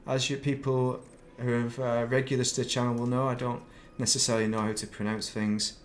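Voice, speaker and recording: Chatty male streamer, mid pitch, loose rambling delivery, light background hiss. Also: flat delivery, brisk. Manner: rambling, chatty, self-deprecating asides. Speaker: gaming streamer. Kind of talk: casual live-stream chat while playing.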